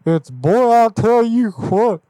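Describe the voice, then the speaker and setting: A man's voice: very high-pitched, animated, slow, mellow, no echo, voice pushed up, exaggerated voice. A man putting on a folksy middle-aged Texan cartoon dad during a prank call, drawling and repeating his catchphrase. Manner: drawling, folksy, repeats "I tell you what".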